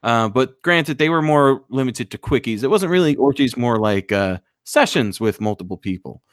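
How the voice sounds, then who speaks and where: A man's voice: medium pitch, moderate pace, no echo. A man co-hosting a casual podcast, recounting wild anecdotes with loose, profane energy and sudden emphasis. His voice sits mid-range, and the recording is dry with no room sound. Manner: profane, animated storyteller. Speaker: podcast co-host. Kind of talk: casual chat, storytelling.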